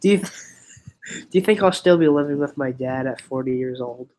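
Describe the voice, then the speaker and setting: A man's voice: mid-range voice, normal speed, a little mellow, poor audio. A young man hosting a casual livestream chat, rambling and giggly, often restarting his sentences. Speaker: livestream host.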